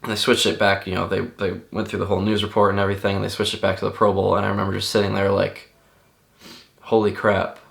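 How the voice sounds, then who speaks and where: Deep gravelly young man, halting. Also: completely flat delivery, a bit bright. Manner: halting, many restarts and fillers; stunned, earnest. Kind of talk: personal recollection, unscripted.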